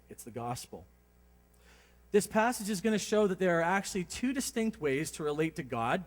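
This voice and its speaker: A man delivers a sermon with relaxed, lively storytelling and a touch of humor. His voice sits a little high for a man. The sound carries the long reverb of a church sanctuary. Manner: conversational, animated storytelling with humor. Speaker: preacher.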